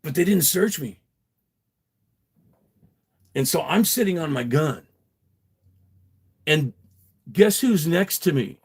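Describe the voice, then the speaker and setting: On his livestream, a middle-aged host tells a rambling, profane story, chuckling along the way. His voice is on the high side, animated and a bit rough, and he speaks slowly with frequent pauses.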